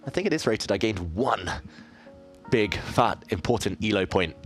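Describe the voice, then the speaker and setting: A man with a low, deep voice talks through his chess moves on a live stream. He thinks aloud, chats easily with his viewers and pokes fun at himself. Soft music plays faintly behind him. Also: expressive, moderate pace. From southeast England. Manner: thinks aloud, self-deprecating, chatty with viewers. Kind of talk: casual live-stream commentary while playing.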